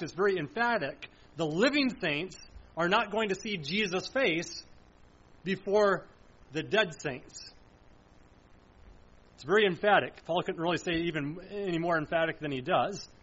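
High-voiced preacher teaching scripture, lo-fi. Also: male voice, a bit bright, slightly rough. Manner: explanatory, asks and answers his own questions, emphatic. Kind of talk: verse-by-verse Bible teaching. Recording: dull lo-fi sound.

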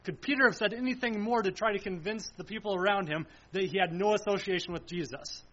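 Male preacher with a high voice, solemn and emphatic, full of repetition and rhetorical questions; muffled lo-fi sound. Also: fast talker, pushed and bright. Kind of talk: sermon.

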